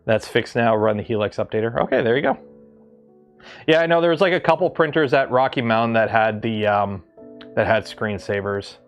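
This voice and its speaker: A Canadian man hosts a livestream, talking casually and rambling with lots of ums and restarts. His mid-range voice moves briskly over soft background music.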